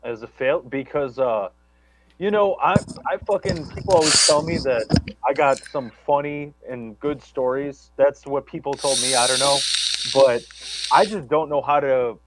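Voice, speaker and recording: A man talking in casual chat, halting and profane, self-deprecating about his comedy. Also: mid-range voice, heavy background noise. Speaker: guest, comedian.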